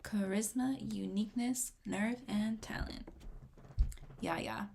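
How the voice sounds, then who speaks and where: Gravelly-voiced excitable young woman. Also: medium pitch, takes it slowly, a little hiss or hum. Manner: excitable, rambling, often drops to a whisper while reading notes. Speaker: music reaction vlogger. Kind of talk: casual reaction commentary.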